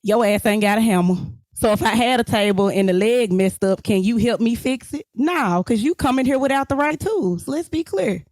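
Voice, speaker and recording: A woman's voice: a little high, expressive, normal speed, few pauses, darkish tone, no echo. A woman co-hosting a casual podcast, talking passionately and bluntly, cussing and laughing. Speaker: podcast co-host.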